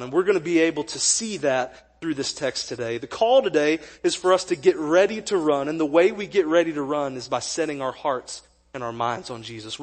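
Man, pastor, high voice, lively jokey storytelling, church sermon. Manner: animated, jokey storytelling with acted quotes. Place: church sanctuary.

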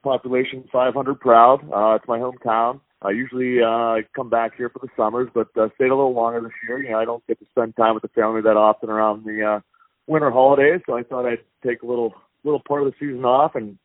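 A man's voice: mid-range voice, flat delivery, fast talker, no room sound. Easygoing man on a tinny phone line. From Wampum, Pennsylvania, USA. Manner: easygoing, lots of fillers and restarts. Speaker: guest, hockey player. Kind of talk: casual interview over phone.

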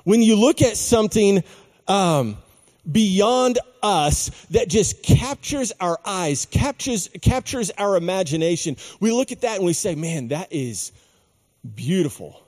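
A man delivers a sermon, stretching key words and pausing for weight. His voice sits high for a man yet sounds soft and mellow, with a long reverb trailing behind it. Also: lively intonation. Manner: slow, emphatic preaching with dramatic pauses. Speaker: pastor.

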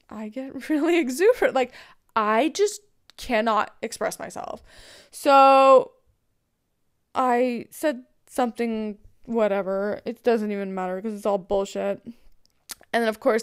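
Woman podcast host, slightly high voice; profane, heated, rambling solo rant. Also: smooth.

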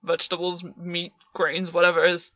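A woman doing a curt, gruff young warrior. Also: lowish voice, monotone, moderate pace, fairly bright tone, no echo, lo-fi sound, close to an everyday voice. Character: gruff, hot-tempered young male warrior.

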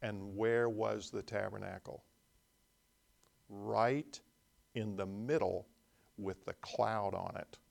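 A man's voice: lowish voice, steady tone, takes it slowly, gravelly, long pauses. A man preaching a sermon at a conference. He reads scripture passages aloud, then walks through them, leaning hard on the key points as he explains. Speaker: pastor. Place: conference hall.

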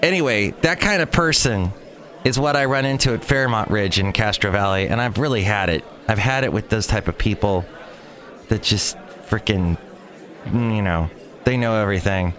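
A man's voice: lowish voice, moderate pace, a bit bright, some chatter behind. A man hosting his own daily podcast, telling a rambling story in a chatty, exasperated way. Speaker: podcast host. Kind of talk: casual solo podcast monologue.

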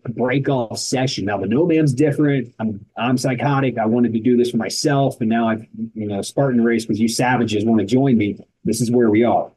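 Energetic man with a dark, husky voice. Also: mid-range voice, poor audio. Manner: energetic, emphatic storytelling in short punchy sentences. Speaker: founder of an endurance rucking organization, guest. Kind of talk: casual podcast interview.

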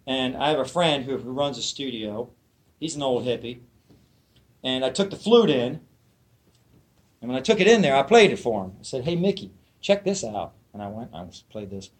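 A man's voice: mid-range voice, animated, normal speed, long pauses. A man telling a teaching story to a small group, asking them questions and acting out what his characters say. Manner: storytelling, asks the listeners questions, acts out quotes. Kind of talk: spoken dharma talk to a small group.

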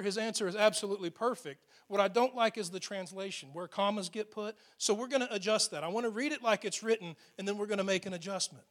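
Male pastor with a high voice, preaching in a church; conversational and emphatic, with asides to the listeners. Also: fairly bright tone. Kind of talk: sermon. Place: church sanctuary.

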